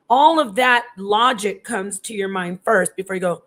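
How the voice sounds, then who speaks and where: A woman's voice: medium pitch, moderate pace, husky. A woman in her thirties telling a personal story in a casual, digressive way, restarting sentences and acting out what people said. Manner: chatty, digressive, restarts often, acts out quoted voices.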